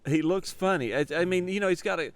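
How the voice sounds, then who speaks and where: A man co-hosting a podcast in casual chat, easygoing and quick to laugh and joke. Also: high voice, dry recording.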